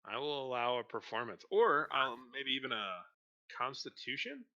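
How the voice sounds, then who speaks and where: A man narrating as dungeon master, relaxed and hesitant, with many fillers. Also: medium pitch, moderate pace. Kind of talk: narrating a tabletop game. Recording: dull lo-fi mic.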